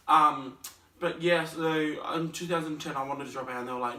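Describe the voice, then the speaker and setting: A young man vlogging, telling a personal story in an animated way, acting out scenes and other people's voices. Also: mid-range voice, normal speed, long pauses, a little hiss or hum. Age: young adult. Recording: roomy, mic at a distance.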